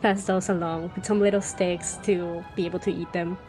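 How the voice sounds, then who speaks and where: A woman's voice: fairly low pitch, level tone, moderate pace, a little mellow, soft background music. A woman player in a tabletop role-playing game who thoughtfully describes her character's actions.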